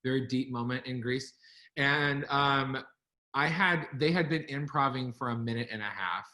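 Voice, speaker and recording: A man co-hosting a casual online chat over a video call, telling lively stories and laughing along the way. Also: mid-range voice, normal speed. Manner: animated storyteller, laughs while telling stories. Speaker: co-host.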